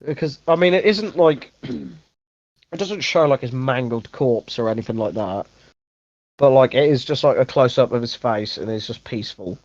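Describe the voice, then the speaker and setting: A man's voice: medium pitch, expressive, normal speed, a little mellow, no echo. Rambling man, dull dry mic. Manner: rambling, self-correcting, swears casually. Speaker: podcast host. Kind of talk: casual movie review chat.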